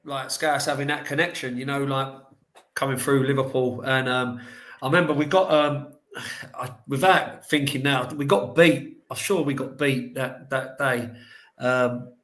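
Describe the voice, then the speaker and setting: A man on a podcast as a guest, telling animated, rambling anecdotes in casual chat with lots of "like". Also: mid-range voice, unhurried, reverberant. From England.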